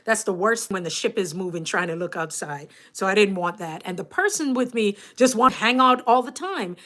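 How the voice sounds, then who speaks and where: A woman with a Jamaican accent, hosting a casual livestream and chatting to her viewers, animated and laughing often. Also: medium pitch, brisk. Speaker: YouTube coach and livestream host.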